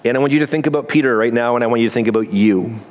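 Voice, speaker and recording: A man preaching a sermon as pastor, earnest and emphatic, with quick asides and slow pauses. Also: medium pitch, a little mellow.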